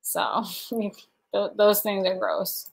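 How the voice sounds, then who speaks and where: A woman's voice: mid-range voice, fairly even intonation, slow pace, gravelly. A woman hosts a casual livestream from home. She rambles cheerfully, laughs between sentences and reads viewers' comments aloud. Her voice sits in an ordinary middle range. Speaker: livestream host.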